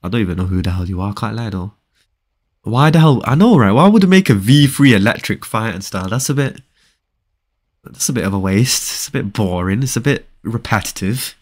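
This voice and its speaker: A man's voice: lowish voice, expressive, a little fast. A young man, chatting casually on a live game stream and bantering with viewers. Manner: casual, bantering, reads viewer chat aloud.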